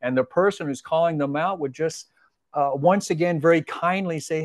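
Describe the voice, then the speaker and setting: A man's voice: a little high, moderate pace, no echo, studio quality. A middle-aged man, a retired police officer as a podcast guest, telling stories in an earnest, reflective way. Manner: earnest, reflective, gently persuasive. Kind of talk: casual storytelling conversation.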